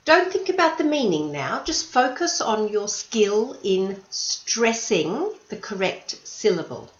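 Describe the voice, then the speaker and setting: A woman teaching an English lesson, speaking slowly and clearly and patiently stressing syllables. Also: medium pitch, very animated, echoey room, lo-fi sound.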